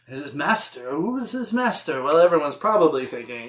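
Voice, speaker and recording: Irreverent, high-voiced young man reviewing horror. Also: sing-song, moderate pace, roomy sound. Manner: irreverent, sarcastic, profane, laughing often. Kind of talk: casual movie review.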